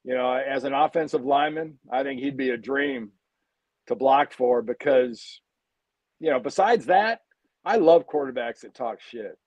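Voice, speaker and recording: A man's voice: mid-range voice, unhurried, darkish tone, no room sound, rough recording. A man in his sixties, a former football player guesting on a talk show, telling blunt, candid stories. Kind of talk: casual interview chat.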